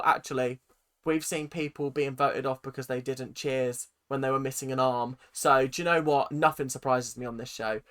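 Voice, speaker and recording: A woman's voice: low voice, fairly bright tone. A woman, giving a chatty, casual recap of a reality TV show, acting out the people she quotes. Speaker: reality TV reaction vlogger.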